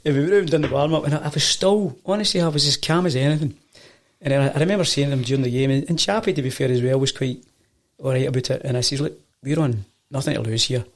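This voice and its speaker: A man's voice: medium pitch, quick pace. A Scottish man and football coach telling stories in a casual chat, acting out the voices of the people he quotes. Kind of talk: casual storytelling.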